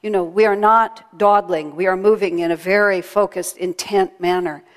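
A woman's voice: lowish voice, steady tone, normal speed. A woman giving a chatty, storytelling sermon at a temple. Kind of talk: sermon with a told joke. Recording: long hall reverb.

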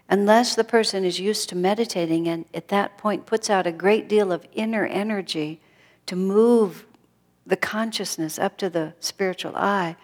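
A woman giving a thoughtful spiritual talk, dropping to a hush when she quotes others. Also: fairly low pitch. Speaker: spiritual teacher. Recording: long reverb of a hall.

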